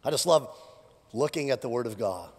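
A man preaching an energetic, joking sermon to a congregation, his voice worn thin from preaching many services, swinging between loud jabs and quiet asides. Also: mid-range voice, moderate pace. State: losing his voice. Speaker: pastor. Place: church auditorium with live congregation. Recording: long hall reverb.

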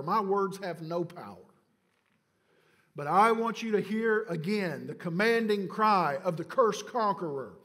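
High-pitched man preaching in a church, goes from quiet almost whisper bits to loud shouting, long hall echo. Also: lively intonation, a little slow. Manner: swings from quiet, hushed passages to shouted climaxes; addresses congregation directly with calls for response. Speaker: pastor. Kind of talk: sermon. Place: church sanctuary.

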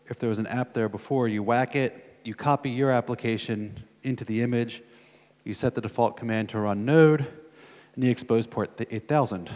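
This American conference speaker, from the United States, narrates a live coding demo casually, filling his typing with plenty of fillers and out-loud thoughts. His medium-pitched, darkish voice echoes with long reverb in the conference hall.

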